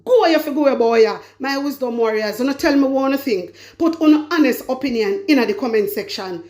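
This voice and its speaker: A woman's voice: high-pitched, lively intonation, fairly quick, darkish tone. A Jamaican woman giving a political commentary rant on her vlog channel, emphatic and scolding, repeating her points. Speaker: commentary vlogger.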